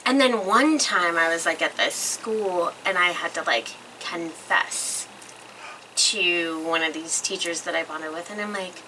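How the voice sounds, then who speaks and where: Bright, rambling young woman guest. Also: lowish voice, measured pace. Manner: rambling, animated, with many fillers. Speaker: podcast guest artist. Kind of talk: casual storytelling interview. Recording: distant mic in a noisy room.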